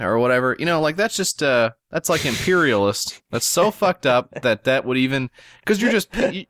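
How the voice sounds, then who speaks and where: A man's voice: medium pitch, very animated, moderate pace, fairly bright tone, no room sound, clean studio sound. An American man hosting a casual podcast chat, rambling and self-deprecating, swearing freely. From United States. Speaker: podcast host.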